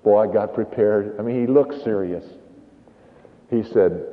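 A man preaching a sermon as pastor, emphatic and animated, telling stories to make his point. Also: lowish voice, a little slow, pauses often. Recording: tinny, phone-like, hall reverb.

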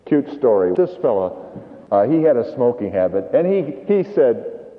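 A man preaching a sermon as pastor, emphatic and animated, telling stories to make his point. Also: medium pitch, normal speed. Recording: tinny, phone-like, hall reverb.

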